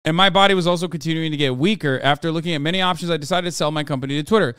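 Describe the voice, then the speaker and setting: A man voicing an earnest Icelandic man reading his own letter, in a put-on Nordic accent with a measured, plain delivery. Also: fairly high pitch, a bit bright, smooth, no echo, studio quality, natural voice.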